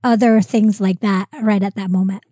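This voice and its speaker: A woman's voice: medium pitch, fairly even intonation, normal speed, mellow. A woman hosting a podcast, answering a guest's question in a practical, reassuring way. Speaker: podcast host. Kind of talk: conversational interview.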